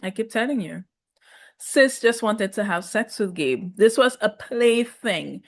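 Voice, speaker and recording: A woman reviewing a reality show in casual commentary, sassy and animated, laughing often. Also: medium pitch, a little slow.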